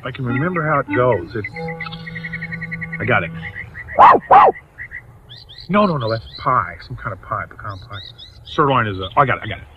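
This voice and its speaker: A man's voice: medium pitch, expressive, normal speed, long pauses, recorded from a distance, heavy background noise, close to an everyday voice. A man playing a fumbling character muttering to himself, from a lo-fi 1980s TV broadcast. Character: fumbling man trying to remember things. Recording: dull lo-fi 1980s TV broadcast with music.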